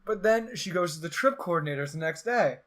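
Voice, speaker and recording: Animated young man telling a story. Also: on the high side, a little fast. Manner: animated, acts out quotes with sarcasm. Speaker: podcast host. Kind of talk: casual storytelling chat.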